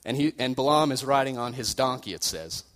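A young man preaches as a youth pastor, his voice at a middle pitch. He retells the story in a relaxed, chatty way and pokes fun at himself. Each phrase hangs in the long echo of a church hall. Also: brisk. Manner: casual storytelling preaching, self-deprecating. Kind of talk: sermon.

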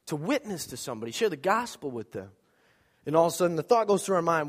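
A man's voice: on the high side, fast, in a large hall. A man preaching a sermon to his congregation, telling stories, joking, and acting out voices. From American Midwest. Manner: animated storytelling, acts out voices, jokes with congregation. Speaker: pastor. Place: church sanctuary.

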